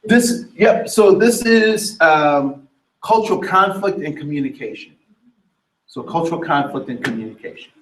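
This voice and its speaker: A man with a fairly high voice teaches a workshop, lively and animated, drawing the audience in with questions. He is picked up from across an echoing room. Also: moderate pace. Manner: animated, asks the room questions, acts out quotes. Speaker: diversity trainer. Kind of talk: workshop lecture. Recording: echoey room, from a distance.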